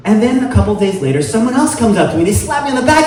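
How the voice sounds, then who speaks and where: A man's voice: high voice, sing-song, rapid-fire, darkish tone, far from the mic. A middle-aged man hosting a live storytelling show, rambling with many fillers and self-deprecating humor. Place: live venue with audience. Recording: echoey room heard from afar, faint noise.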